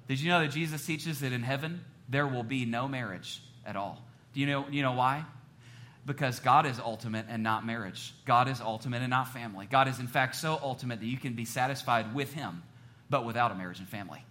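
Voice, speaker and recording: A man preaching a sermon as pastor, animated and quick to joke with the congregation. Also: mid-range voice. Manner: animated, joking asides to the congregation.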